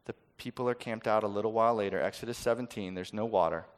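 A man preaching a sermon, swinging from loud, dramatic quoting to soft, intimate asides. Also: on the low side, fast, clean tone.

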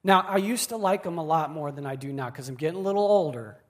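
Middle-aged male pastor, higher voice, preaches with emphasis and repetition. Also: animated, quick pace. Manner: emphatic, repeats key phrases. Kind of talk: sermon.

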